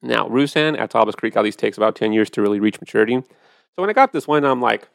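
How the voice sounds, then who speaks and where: A man's voice: on the low side, lively intonation, quick pace, gravelly, no echo, clean studio sound. A man hosting a podcast, chatting casually and animatedly about wine, with profane storytelling. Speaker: podcast host.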